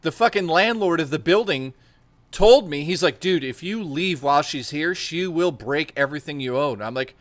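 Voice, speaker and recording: A young man in casual chat, telling crude, animated stories with plenty of swearing and laughter. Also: on the high side, normal speed, dry recording.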